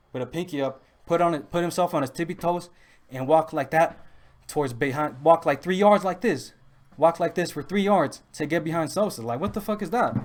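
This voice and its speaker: A young man, telling rambling stories casually with lots of restarts and street slang. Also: on the high side. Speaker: podcast host. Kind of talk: casual storytelling.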